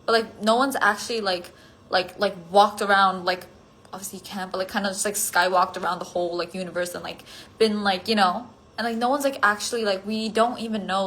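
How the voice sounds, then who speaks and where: Rambling tired young woman on a livestream. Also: mid-range voice. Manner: rambling, many "like" fillers, drifting thoughts; drops to a soft near-whisper at times. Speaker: livestream host answering fan comments. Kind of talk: casual chat on a solo phone livestream.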